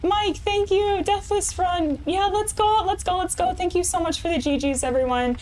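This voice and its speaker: A woman streamer with a very high voice talks live to her chat, overjoyed and breathless. She keeps laughing and repeating herself, shaky with excitement. A faint hum sits under her voice. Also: normal speed.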